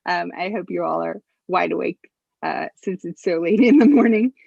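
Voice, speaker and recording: A woman's voice: lowish voice, moderate pace, gravelly, dark tone, dry recording. A woman co-hosting an online session over a video call, welcoming everyone in a chatty, good-humored way. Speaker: co-host. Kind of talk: casual welcome. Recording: dull, dry video-call audio.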